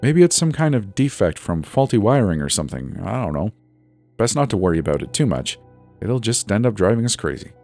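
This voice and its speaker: A man doing a calm, teasing young husband. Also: fairly low pitch, fairly quick, soft background music, pitched above the performer's own voice. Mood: reassuring.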